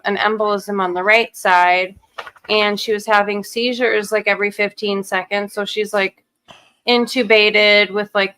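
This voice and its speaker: A woman's voice: mid-range voice, a bit bright, smooth, rough recording. A young woman from Minnesota with a faint Minnesotan accent, chatting casually and rambling with lots of "like" fillers. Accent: light Minnesotan. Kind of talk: casual chat.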